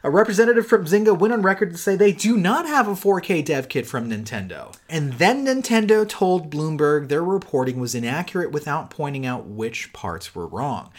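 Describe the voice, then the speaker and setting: Animated, swearing male podcast co-host. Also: a little high, normal speed, few pauses. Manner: animated, swears freely, laughs often. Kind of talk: casual chat.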